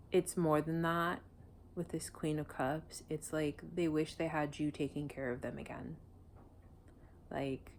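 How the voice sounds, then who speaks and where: A woman's voice: low voice, darkish tone, slight background noise. A woman doing a casual tarot reading, blunt and emotional, swearing freely. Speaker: tarot reader.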